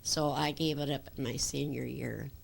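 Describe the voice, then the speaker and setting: A woman's voice: very deep voice, fairly even intonation, measured pace, creaky, crowd noise. An older woman telling stories from her childhood in an oral history interview, rambling with fillers and restarts.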